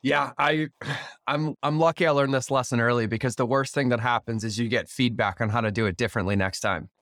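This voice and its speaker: A man hosting a podcast interview in casual chat, energetic and swearing freely, acting out the dialogue he quotes. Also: mid-range voice, fairly quick, no echo, clean studio sound. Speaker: podcast host.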